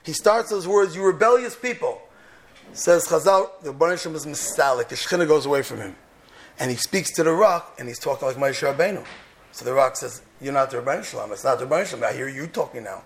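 A man giving an impassioned sermon on the Torah portion, swinging from loud rhetorical questions to soft, hushed lines and peppering his English with Hebrew terms. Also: a little high, lively intonation, fast talker. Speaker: Torah teacher.

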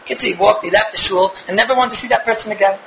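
A man giving a Torah talk, telling a story in an animated, digressive way and acting out the quotes. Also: high-pitched, quick pace, vocal fry, roomy sound, a little hiss or hum, poor audio. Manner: animated, digressive, often restarts and acts out quotes. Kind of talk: Yiddish-flavored Torah lecture, storytelling. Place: synagogue or study hall.

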